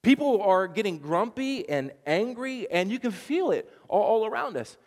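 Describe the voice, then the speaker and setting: A man's voice: sits high, very animated, normal speed, darkish tone, big-room sound. A man preaching a sermon as pastor, telling a chatty story with frequent stammered restarts.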